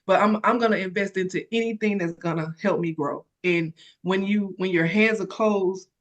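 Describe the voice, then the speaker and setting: A woman telling an emotional personal story about starting her business, animated and close to tears. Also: medium pitch, normal speed. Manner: animated storytelling, acts out others' voices. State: tearful. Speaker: credit repair consultant sharing her story.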